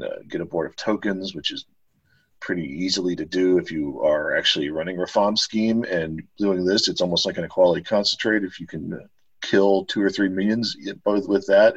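A man with a somewhat low, husky voice chats casually about a card game, often stopping to restart his sentences. The sound is dry and muffled, as if from a lo-fi mic. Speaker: podcast co-host.

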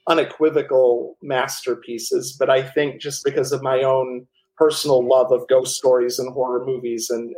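A man telling animated stories as the author and guest in a casual interview, with many restarts. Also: medium pitch, low-quality recording.

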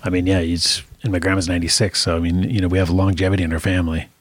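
A man's voice: low-pitched, little pitch movement, rapid-fire. A man co-hosting a podcast in casual chat, laid-back and laughing often, with lots of fillers. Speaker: podcast co-host.

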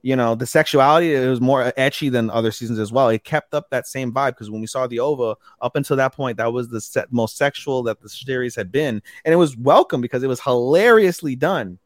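Excitable swearing man on a podcast. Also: mid-range voice, a little fast, few pauses, no echo, clean studio sound. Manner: excitable, swears freely, lots of fillers. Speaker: podcast co-host. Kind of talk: casual chat.

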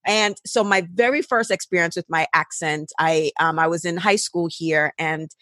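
A middle-aged woman from Jamaica with a Jamaican accent. She is an author who tells lively stories in a casual interview. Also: lowish voice, moderate pace, no room sound, clean studio sound. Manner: lively storyteller, mixes Jamaican and American speech.

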